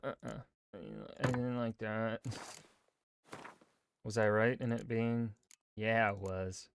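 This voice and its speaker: A man's voice: lowish voice, little pitch movement, takes it slowly, a little hiss or hum. A young man streaming a video game, swearing and joking and reading notes aloud in playful put-on accents. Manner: swears and jokes, reads in mock accents.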